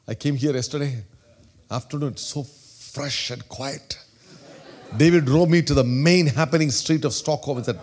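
Man, Indian accent, preacher, husky voice, fairly high pitch, sermon. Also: unhurried. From Kerala, southern India. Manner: animated, swings from loud exclamations to hushed storytelling. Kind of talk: sermon with personal story.

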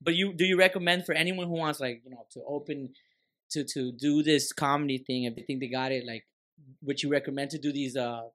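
A man's voice: medium pitch, steady tone, fairly quick, a bit bright. A man hosting a podcast, telling stories in a rambling, slangy, profane way over a studio mic. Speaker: podcast host. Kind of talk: casual podcast chat.

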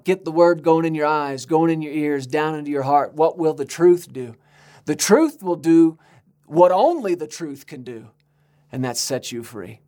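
An American man preaching a sermon, emphatic, slowing down on key words and rising high on appeals. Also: mellow. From United States.

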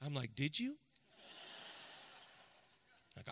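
Guy pastor preaching, high bright voice, chatty then fired up and shouty. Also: very animated, takes it slowly, pauses often, slight background noise. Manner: conversational then building to loud emphatic preaching. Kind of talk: sermon.

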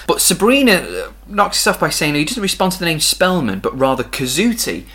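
Bright, lively man recapping a show. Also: fairly high pitch, a little fast, husky. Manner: animated recapping, acting out quotes with laughs. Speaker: podcast co-host recapping an episode. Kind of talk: casual chat.

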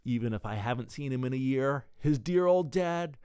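A rambling, folksy old father who loves philosophy, as a man puts him on. His voice swings lively up and down as he tells his tale, close and dry with no room sound. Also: medium pitch, normal speed, clean tone, no echo, lightly acted. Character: chatty older father held captive, fond of philosophy.

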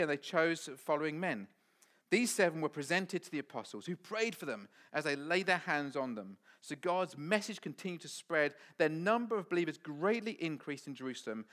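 A man's voice: sits high, a bit bright. A man preaching a sermon, telling stories with animation and acting out the voices of the people in them.

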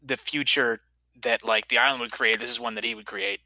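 A man playing a tabletop game and laying out his theories. His tone is sharp and bright, heard close and dry. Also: medium pitch, sing-song, a little fast, creaky, dry recording, poor audio. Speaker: player. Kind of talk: casual tabletop game play.

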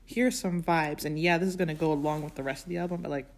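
A woman's voice: sits low, steady tone, fast talker. Wry, rambling woman co-host. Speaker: podcast co-host. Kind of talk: casual chat.

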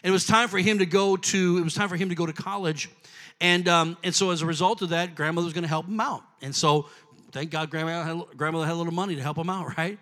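A man preaching a sermon, telling a story and building up to shouted preaching. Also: fairly high pitch, steady tone, fast. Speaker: pastor. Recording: echoey hall.

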